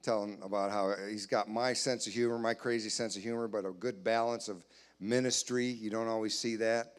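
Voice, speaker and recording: A man doing a stand-up comedy set in a church, playfully acting out both sides of conversations with loud put-on voices. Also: fairly low pitch, steady tone, brisk, clear, resonant tone. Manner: playful, jumps to loud acted voices for his wife and himself. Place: church sanctuary, live audience.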